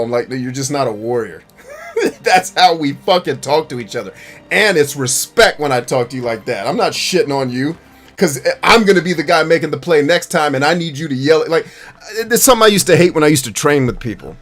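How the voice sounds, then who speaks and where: A blunt, foul-mouthed man chatting on a live stream with a middle-pitched voice. He laughs often and flares into shouting whenever he acts out a story. Faint music plays under his talk. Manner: blunt, profane, laughs often, bursts into shouting when acting out scenes. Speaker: streamer and gaming show host. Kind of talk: casual live-stream chat.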